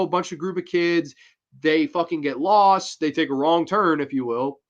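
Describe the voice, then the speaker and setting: A man's voice: on the high side, fairly bright tone, lo-fi sound. A man hosting a casual show, bluntly and profanely ranting through a horror movie review.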